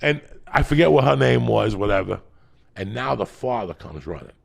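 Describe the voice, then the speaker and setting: A man, hosting a podcast and telling a story loudly, swearing constantly and acting out every voice. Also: medium pitch, normal speed, gravelly. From North Bergen, New Jersey. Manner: loud, animated, swears constantly, acts out every voice. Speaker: podcast host. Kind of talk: profane storytelling in casual chat.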